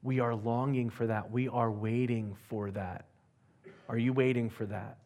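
A male pastor delivering a sermon with emphasis. He keeps turning to his listeners with questions. His voice sits at a middle pitch. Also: fairly even intonation, measured pace, darkish tone. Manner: emphatic, asks the audience questions.

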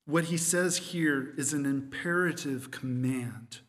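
A man's voice: medium pitch, slow pace, a bit bright. Emphatic man preaching in a reverberant hall. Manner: emphatic, frequent "okay?" check-ins. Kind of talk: expository Bible teaching.

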